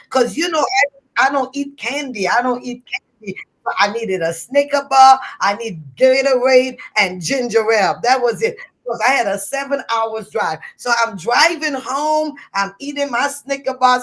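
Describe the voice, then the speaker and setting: A woman's voice: fairly high pitch, rough recording. Trinidadian woman, middle-aged, motivational live-stream host with a raised voice and preacher-style rallying. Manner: lively preacher-like call-outs.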